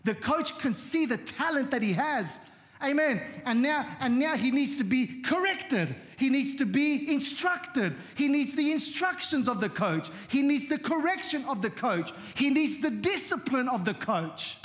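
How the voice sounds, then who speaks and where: A man's voice: extremely high pitch, sing-song, measured pace, few pauses, a bit bright. A man preaching a sermon as pastor, telling stories in a repetitive, conversational way and often saying amen. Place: church.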